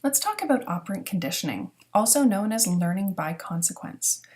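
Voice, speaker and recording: A woman narrating a dog training lesson at a middle pitch. She explains each step clearly and plainly, like a teacher walking new students through the basics. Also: lively intonation, brisk, a little mellow. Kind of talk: recorded lecture narration.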